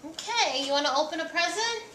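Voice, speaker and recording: A young mother talks to her baby in a high, swooping sing-song, full of coaxing questions. She sounds a little way from the camera, in a roomy home with steady background noise. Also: fairly quick, far from the mic. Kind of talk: home video baby talk.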